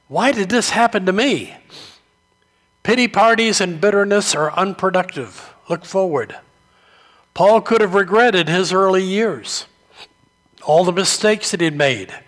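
A man preaching a sermon, telling stories slowly and deliberately. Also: sits high, a bit bright. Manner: slow, deliberate storytelling delivery. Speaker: pastor.

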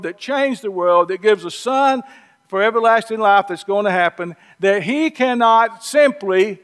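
A preacher playing an exasperated Southern archangel. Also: male voice, high-pitched, a bit bright, clear, resonant tone. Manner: scolding, incredulous, folksy. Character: archangel, male, stern and exasperated.

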